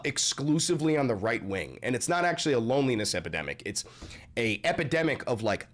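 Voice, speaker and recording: A man hosting a political livestream, ranting loudly in a profane, mocking and combative way. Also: medium pitch. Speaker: livestream host.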